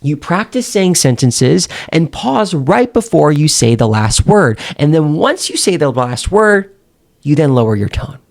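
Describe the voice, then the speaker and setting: Man, speaking coach, animated pitch, gravelly edge, emphatic pauses. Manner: demonstrates intonation with example sentences. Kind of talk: instructional talk.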